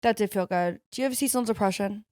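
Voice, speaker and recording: A woman's voice: mid-range voice, fast talker, darkish tone, no room sound, studio quality. A young woman co-hosting a podcast in casual chat, playful and joking, laughing often. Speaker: podcast co-host.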